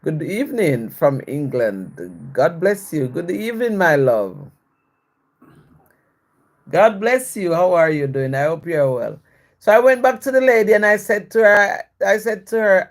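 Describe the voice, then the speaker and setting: A woman chats through a personal story on a live video. Her pitch swings freely as she talks. She often stops to bless and greet her viewers. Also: very animated, a little slow. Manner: warm blessings to viewers, repetitive and reflective. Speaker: live-stream host.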